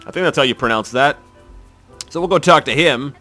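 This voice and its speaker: A man's voice: fairly high pitch, moderate pace, pauses often, sharp tone, soft background music. A man casually talking through a video game playthrough, chatty, wry and rambling with restarts. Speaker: gaming video host.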